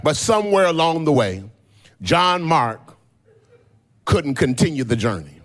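An older man is preaching a sermon, and his slightly high voice climbs and falls over a wide range. He moves between quiet explanation and a sung, shouted preaching cadence. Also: sing-song, measured pace.

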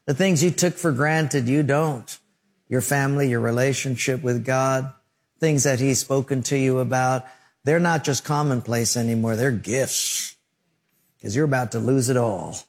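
A middle-aged male pastor preaching a sermon, telling lively stories with sound effects and acted-out quotes. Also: medium pitch, a little slow, in a large hall.

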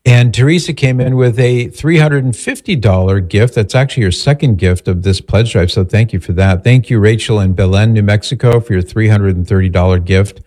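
A man hosting a radio talk show, thanking donors by name and calmly explaining listeners' questions. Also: lowish voice, brisk, hardly any pauses.

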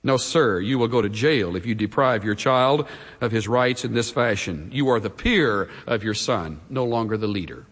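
A man preaching a sermon as pastor, with dramatic pauses that build to emphatic peaks. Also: on the low side, animated, a bit bright, long reverb tail.

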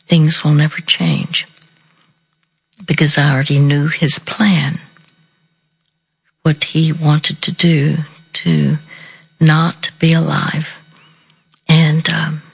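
A woman telling a personal story in a slow, deliberate, softly earnest way. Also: sits low, gravelly, husky, rough recording. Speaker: speaker sharing a counseling story. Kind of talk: reflective storytelling talk.

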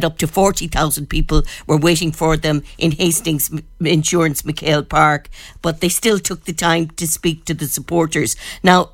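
An Irish woman, a radio news editor, reporting in a measured storytelling manner. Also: deep voice, dry recording, studio quality.

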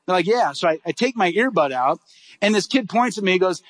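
A middle-aged man preaching a sermon, telling a story with lively acted-out dialogue. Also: high-pitched, no room sound. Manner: animated, acts out dialogue in quick bursts. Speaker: pastor.

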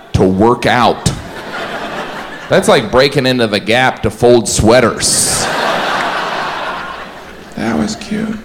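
A man doing a stand-up comedy set in a club, dry and self-mocking in his delivery. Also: on the low side. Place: comedy club stage with audience. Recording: live club with crowd noise.

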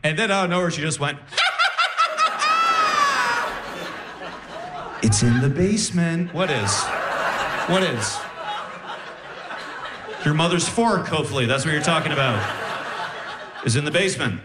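A young man doing a stand-up set, animated and laughing through his punchlines. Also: a little high, moderate pace, long pauses, roomy sound. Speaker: stand-up comedian. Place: comedy stage.

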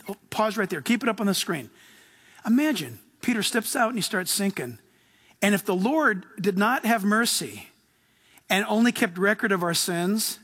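A middle-aged man preaching a sermon with a fairly high-pitched voice. He talks in a loose, excitable, slangy way, jumping between Bible readings and chatty asides. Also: unhurried, long pauses. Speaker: pastor.

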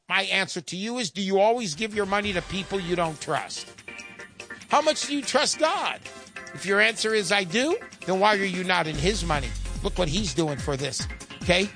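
A man hosting a call-in radio show, brash and salesy, often repeating himself. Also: sits high.

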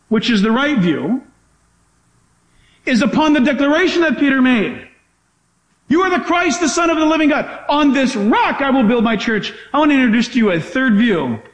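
A male preacher with a very high voice delivers a sermon in an echoey church. He preaches with animated swings, throwing out rhetorical questions and mock voices. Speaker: pastor.

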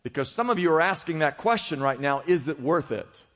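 A man preaching a sermon with a high, bright voice. His delivery swells with fervor and repeated calls to keep going. The sound carries a long reverb from a large church hall. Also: animated, fairly quick. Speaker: pastor.

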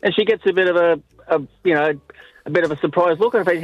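An Australian man calls in to a radio show, his voice a little higher than most men's. He chats with the hosts and tells a joke, acting out the voices. The sound is dry and close, with no room in it. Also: fast, dry recording, lo-fi sound. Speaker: radio caller. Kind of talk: telling a joke on the phone.

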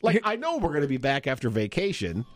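A man's voice: fairly high pitch, big pitch swings, brisk, no echo. A man in casual on-air banter, teasing and playful as he needles his partner. His voice rises and falls freely, full of life. A faint bed of music sits behind him. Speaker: radio co-host.

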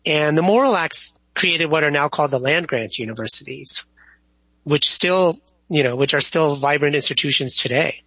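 A man, a history professor, explaining history as an interview guest in a thoughtful, measured way with small restarts. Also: on the high side, bright, forceful tone, slightly rough, no room sound, rough recording.

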